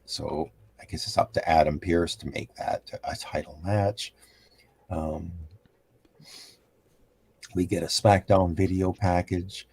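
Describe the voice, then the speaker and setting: Low gravelly dude slowly recapping wrestling, dark mellow tone. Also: male voice, steady tone. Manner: halting, many ums and restarts. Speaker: show regular giving a wrestling recap. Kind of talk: casual podcast recap.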